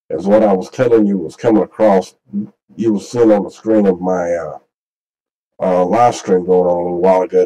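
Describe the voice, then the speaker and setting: Folksy male channel host, low and very dark-toned, rambling casual commentary. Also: rough recording. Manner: rambling, folksy, repeats himself. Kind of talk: casual screen-share commentary.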